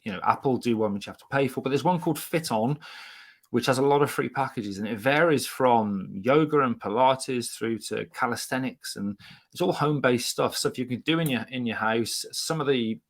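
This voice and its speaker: Gravelly British man with dry teasing. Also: medium pitch. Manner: dry teasing banter, then brisk wrap-up. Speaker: podcast co-host. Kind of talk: casual podcast chat.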